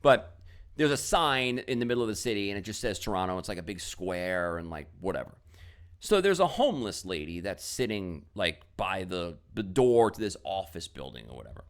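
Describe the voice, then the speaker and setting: A man's voice: low voice, big pitch swings, moderate pace. A middle-aged man telling a story with many fillers and quoted exchanges, giving a casual motivational talk to camera as a business coach.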